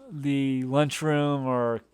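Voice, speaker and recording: A man's voice: medium pitch, flat delivery, drawn-out words, darkish tone, smooth. A man co-hosting a casual movie review podcast, rambling with many fillers and restarts. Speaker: podcast co-host.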